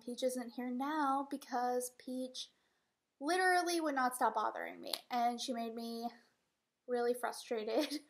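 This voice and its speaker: A woman who runs a fiber farm, chatting casually on her podcast, rambling with lots of ums and laughing at herself. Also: fairly high pitch. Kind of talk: casual vlog chat.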